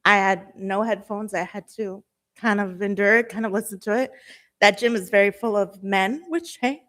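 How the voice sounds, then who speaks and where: A young woman with a Southern Californian accent gives a nervous, emotional public comment at a city meeting. Her mid-range, slightly bright voice is halting and full of fillers.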